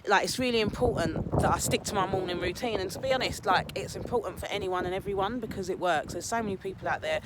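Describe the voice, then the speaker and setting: A man's voice: sits high, fast talker, few pauses. A man giving an earnest, rambling motivational talk about his morning routine. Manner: earnest, rambling, emotional, repeats himself. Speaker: motivational vlogger. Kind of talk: casual motivational monologue. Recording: noisy home recording.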